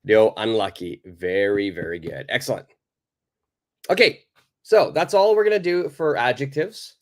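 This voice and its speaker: A man's voice: medium pitch, moderate pace. A man teaching a live online English lesson, patiently repeating his questions to the viewers.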